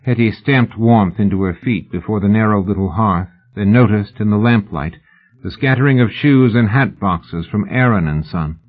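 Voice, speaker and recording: A man reading a novel aloud in a measured, even audiobook narration. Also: lowish voice. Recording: phone-like narrow band.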